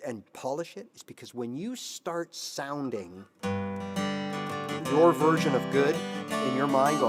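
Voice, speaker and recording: A man in his fifties who hosts a guitar channel, giving animated motivational advice on a live stream and now and then singing a line. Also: medium pitch, slow, pauses often. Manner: animated, sings snippets, voices his inner brain. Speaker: guitar teacher, channel host.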